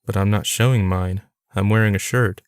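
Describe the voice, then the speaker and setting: A man's voice: fairly low pitch, fairly even intonation, normal speed, clean tone, no echo, clean studio sound, close to an everyday voice. A man voicing an awkward, hesitant man in his mid-thirties, in an audiobook.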